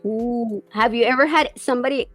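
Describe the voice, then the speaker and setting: A woman's voice: on the high side, brisk, faint music behind. A woman hosting a casual chat, rambling through stories with plenty of swearing and laughter. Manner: profane, rambling storyteller who laughs often. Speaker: podcast host.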